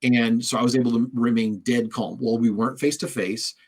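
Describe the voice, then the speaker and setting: A man's voice: mid-range voice, steady tone, fairly quick, darkish tone, poor audio. A man hosting a podcast interview, telling stories in a rambling way with frequent restarts and repeated words. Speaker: podcast host. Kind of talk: conversational interview.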